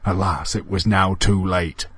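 A man reading a comic horror story aloud in a wry, deadpan way. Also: low-pitched, unhurried, breathy edge, no echo, studio quality.

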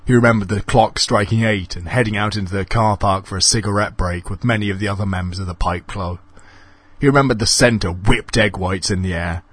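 A man narrating a comic ghost story in a deadpan, mock-dramatic way. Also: low voice, husky.

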